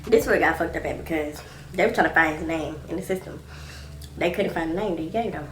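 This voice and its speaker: A woman in her twenties telling a storytime vlog in a blunt, profane, animated way. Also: low-pitched, quick pace, slight background noise. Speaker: vlogger. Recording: echoey room.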